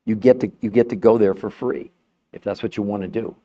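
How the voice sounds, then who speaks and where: A middle-aged man giving an impassioned health talk, blunt and fired up, swearing at times and turning soft and emotional. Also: lowish voice, steady tone, brisk. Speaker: health presenter. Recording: slightly dull lo-fi sound.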